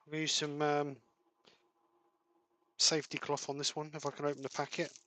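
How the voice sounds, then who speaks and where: Bright-voiced man chatting in his workshop. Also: a little high, a little fast, no echo. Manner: relaxed, practical, mutters while working. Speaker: woodturner hosting a live stream. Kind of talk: casual live-stream chat while demonstrating. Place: home workshop.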